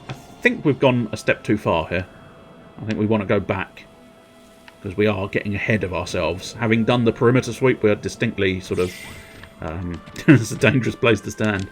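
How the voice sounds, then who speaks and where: A man's voice: on the low side, moderate pace, faint music behind. A man casually commenting on his gameplay on a livestream, rambling and playful, humming tunelessly and swearing now and then.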